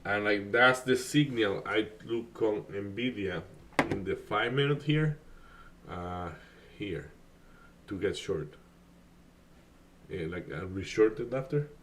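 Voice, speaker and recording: A man's voice: lowish voice, slow pace, long pauses, fairly bright tone, slight background noise. A man whose first language is Spanish, chatting casually on a live stream, rambling with many fillers and restarts. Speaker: day trading streamer.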